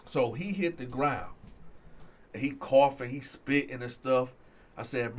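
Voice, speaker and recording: A man telling a personal story in casual talk to his viewers, getting louder and higher when excited. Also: measured pace. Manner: animated, swings loud and high when excited. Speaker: storyteller host.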